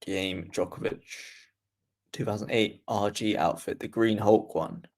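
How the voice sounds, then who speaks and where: A man's voice: on the low side, fairly even intonation, vocal fry, a little mellow. Chatty man calling tennis play-by-play. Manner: chatty, reads viewer comments aloud, quickens during rallies. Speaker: livestream tennis commentator. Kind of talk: casual play-by-play watchalong commentary.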